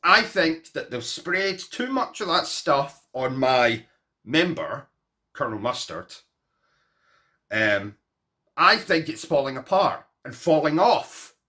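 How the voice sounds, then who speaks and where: A man's voice: fairly high pitch, sing-song, takes it slowly, pushed and bright. A man vlogging, telling a comic personal story to camera in a rambling, self-mocking way full of asides.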